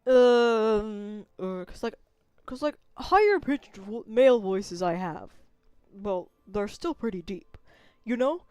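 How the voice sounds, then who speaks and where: A woman's voice: mid-range voice, lively intonation, takes it slowly, a little mellow, clean tone, dry recording. A young woman streamer chatting casually while she plays, rambling and unsure of herself as she tries out voices. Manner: rambling, self-doubting, trying out voices. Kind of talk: casual gameplay chat.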